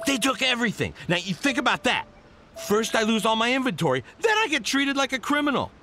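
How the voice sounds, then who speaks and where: A flustered stammering trader. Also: male voice, sits high, big pitch swings, brisk, bright, forceful tone, soft background music, heavily acted. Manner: stammering, nervous laughs. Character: nervous male island trader, evasive and flustered. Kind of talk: video game voice acting.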